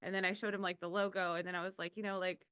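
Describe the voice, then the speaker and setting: A woman's voice: on the low side, flat delivery, rapid-fire, a bit bright, smooth, no echo, clean studio sound. A woman who works as a teacher, co-hosting a podcast, telling rambling stories and laughing often. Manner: rambling, giggly storytelling. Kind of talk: casual chat.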